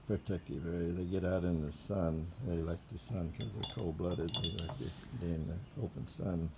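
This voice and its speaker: Low gravelly man from across the room. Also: fairly even intonation, normal speed, noisy background. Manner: short, matter-of-fact remarks from off to the side. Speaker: parent helping with the lesson. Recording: distant voice with kitchen clatter behind.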